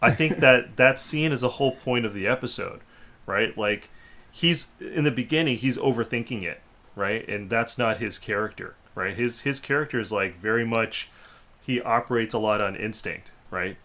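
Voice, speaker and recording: Bright man building a point, "right?". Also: mid-range voice, normal speed. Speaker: podcast co-host. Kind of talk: casual chat.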